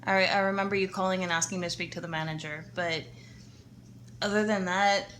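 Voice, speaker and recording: A woman's voice: fairly low pitch, steady tone, a little fast, a bit bright, slight background noise. A woman co-hosting a podcast, recalling memories in casual, teasing chat. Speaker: podcast co-host.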